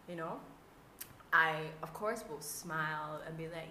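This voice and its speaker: A woman with a lilt tells stories on a casual podcast, acting out every line of dialogue with plenty of swearing. Her voice sits on the low side, and the room around her adds a noticeable echo. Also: fairly quick, a little hiss or hum. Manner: animated storytelling, acts out dialogue, swears freely. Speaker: podcast co-host. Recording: roomy echo.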